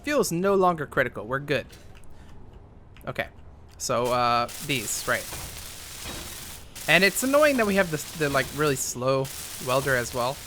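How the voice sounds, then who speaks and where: A man's voice: medium pitch, very animated, measured pace, pauses often, fairly bright tone, a little hiss or hum. A young man giving casual, rambling commentary while playing a game, thinking aloud with lots of fillers. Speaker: gaming YouTuber.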